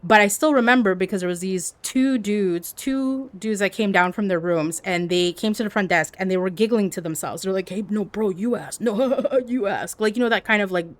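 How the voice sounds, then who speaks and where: A woman livestreamer telling stories in casual chat, animated and peppered with "like". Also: mid-range voice, a little fast, few pauses. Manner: animated, heavy use of "like".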